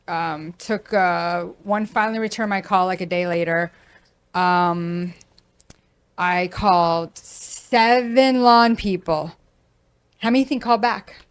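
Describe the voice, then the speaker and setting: A woman's voice: medium pitch, measured pace, smooth. A woman realtor hosting a casual talk show, speaking frankly and venting her frustration. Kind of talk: casual chat.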